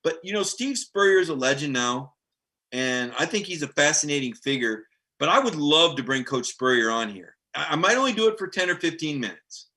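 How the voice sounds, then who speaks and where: Talking fairly quickly, a middle-aged male sports beat writer with a voice on the high side runs a laid-back live stream. He's lively and digressive, reading out comments from viewers.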